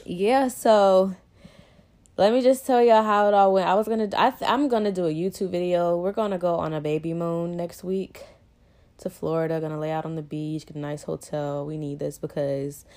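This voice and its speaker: Chatty young woman with a mellow voice. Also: on the low side, fairly even intonation, normal speed. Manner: chatty, rambling, frequent "like" and "you know". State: pregnant, short of breath. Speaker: vlogger. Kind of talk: casual chat to viewers.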